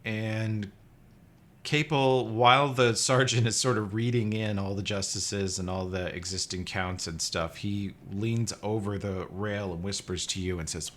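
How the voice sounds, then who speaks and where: Man, game master, low pitch, bright tone, deadpan humor, faint background noise. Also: measured pace. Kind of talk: narrating a tabletop game.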